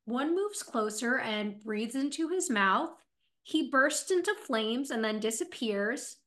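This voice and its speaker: A woman co-host discusses a TV episode in a casual back-and-forth. Her voice sits somewhat high. She agrees readily and picks up her partner's points to add her own. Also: animated, slow pace, fairly bright tone. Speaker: podcast co-host.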